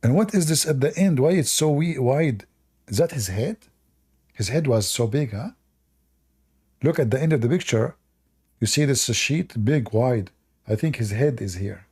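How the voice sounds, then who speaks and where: A man's voice: mid-range voice, animated, moderate pace, pauses often, a little mellow, breathy edge. A man with a non-native English accent hosting a livestream and giving sarcastic, mocking commentary. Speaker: livestream debate host.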